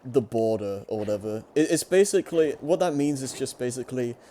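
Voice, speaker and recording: Man, mellow dark tone, casual chat, stumbling restarts, faint background noise. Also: medium pitch, expressive, a little fast. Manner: explaining with hesitant restarts.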